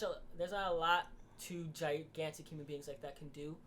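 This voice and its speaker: A man's voice: a little high, fairly even intonation, moderate pace, a bit bright. A man co-hosting a casual podcast, ranting with heavy swearing and acting out quotes. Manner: heavily profane, ranting, acts out wrestler quotes. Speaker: podcast co-host.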